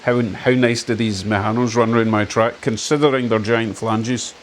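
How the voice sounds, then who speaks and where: A man's voice: fairly low pitch, steady tone, normal speed, a little hiss or hum. Chatty, enthusiastic man at his train layout. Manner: chatty, enthusiastic, lightly self-mocking. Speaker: model railway hobbyist channel host. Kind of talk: casual commentary while running a model train.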